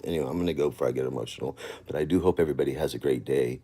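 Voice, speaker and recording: A man with an extremely deep, gravelly voice talks to his viewers in a loose, rambling vlog. He keeps restarting his thoughts and sometimes slips into a quiet, emotional tone. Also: racing, few pauses. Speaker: vlogger. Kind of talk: casual rambling monologue.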